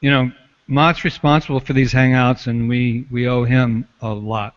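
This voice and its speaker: A man, a vocal producer and coach, talking in a relaxed, encouraging casual chat over a video call. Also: mid-range voice, moderate pace. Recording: dull lo-fi online call audio.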